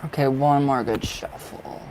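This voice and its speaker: A man talking in a casual live-stream chat, his mid-pitched voice carrying a gravelly edge. He is effusive and affectionate, laughing often and restarting his sentences as he speaks to viewers by name. A faint hum sits behind him. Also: measured pace, a little mellow, poor audio. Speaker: tarot reader.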